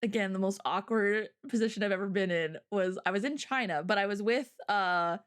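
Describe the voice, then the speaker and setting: A young woman co-hosting a casual chat, telling stories with lots of laughter and acting out the people she quotes. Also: a little fast. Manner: animated storyteller, acts out quotes with big pitch jumps and laughter. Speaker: co-host.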